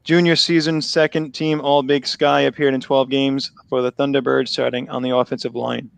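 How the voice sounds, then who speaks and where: A man with a Boston accent hosting a live football draft stream, chatty and quick to laugh, starting to lose his voice. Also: mid-range voice, flat delivery, vocal fry, smooth, no room sound. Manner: chatty, laughs often, restarts phrases. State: losing his voice. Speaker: host. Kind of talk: casual live draft commentary.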